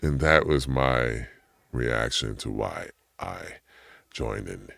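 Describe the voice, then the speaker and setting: A man's voice: lively intonation, takes it slowly, fairly bright tone, no echo, clean studio sound. A man delivering a heated, profane personal rant; his voice climbs sharply when he gets indignant. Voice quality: gravelly low voice.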